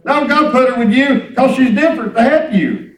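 A man's voice: very high-pitched, animated, normal speed, fairly bright tone, reverberant, far from the mic, low-quality recording. A man preaching a sermon in a folksy storytelling way, acting out conversations. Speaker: pastor. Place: church hall.

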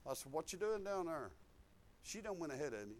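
High-voiced folksy preacher man. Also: very animated, a little fast. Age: 50s. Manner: folksy storytelling, swinging from low asides to loud emphatic preaching. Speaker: pastor. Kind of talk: sermon.

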